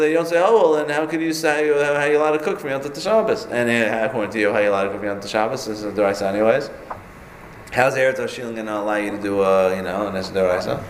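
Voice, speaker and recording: A man teaching a Talmud class, working through a question aloud, repeating phrases and asking rhetorical questions. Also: medium pitch. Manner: animated, questioning, repeats himself. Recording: echoey room, faint noise.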